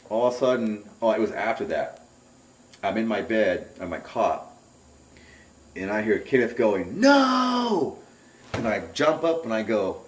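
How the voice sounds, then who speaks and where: A middle-aged interviewee with a lowish, darkish voice tells his own story in an animated first-person way, acting out his alarmed, cursing exclamations. The sound is reverberant, with the voice picked up from a distance.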